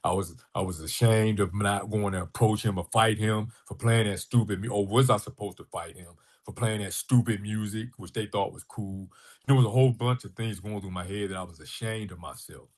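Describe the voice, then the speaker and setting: A man's voice: lowish voice, brisk. A middle-aged man, a guest on a podcast, telling a personal story with animation and acting out the dialogue. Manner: animated storyteller who acts out quoted dialogue. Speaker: podcast guest, artist and filmmaker.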